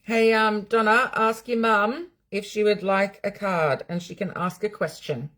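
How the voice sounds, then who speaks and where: A woman's voice: medium pitch, steady tone, a little slow, a bit bright. A middle-aged Australian woman talks at home in a mid-range voice, loose and unscripted. She is blunt and salty, swearing freely as she chats with her viewers and answers their comments. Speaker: psychic medium hosting a live reading stream. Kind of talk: casual live-stream chat.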